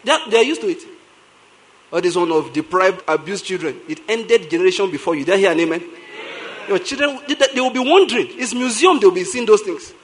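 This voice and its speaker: A male pastor with a Nigerian accent delivers a lively sermon in a notably high voice. he tells stories with a lot of energy, hammers points home by repeating himself, and breaks into laughter often. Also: fast, a little hiss or hum. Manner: animated storytelling, repeating lines for emphasis, laughs often.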